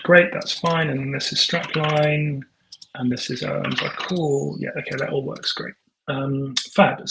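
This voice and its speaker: A man thinking aloud while he live-codes, muttering and halting, full of ums and self-corrections, now and then dictating prompts to the computer. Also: mid-range voice, vocal fry, fairly bright tone, poor audio. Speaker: tech founder live coding.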